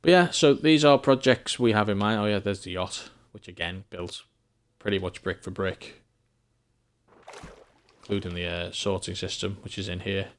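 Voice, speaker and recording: A man's voice: low-pitched, normal speed. An English man from England chatting casually while streaming a game, rambling and thinking aloud with frequent chuckles.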